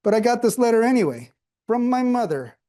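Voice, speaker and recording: A man's voice: very high voice, sing-song, fairly quick, mellow, no room sound. A middle-aged man giving a prepared speech with humorous storytelling, dry asides and questions to the audience. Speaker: club speaker.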